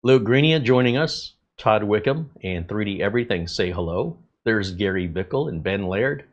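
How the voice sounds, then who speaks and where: A man hosting a live tech channel stream, greeting viewers in a relaxed, chatty way with many filler pauses. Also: fairly low pitch, highs cut off.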